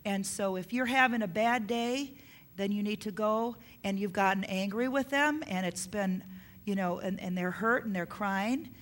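A woman's voice: medium pitch, moderate pace. A middle-aged woman preaching a sermon on parenting, earnest, repeating her key points for emphasis.

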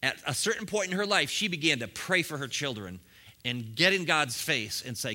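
A man preaching a sermon to a congregation, swinging from quiet asides to loud, fiery bursts with frequent chuckles. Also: on the high side, lively intonation, moderate pace. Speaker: pastor.

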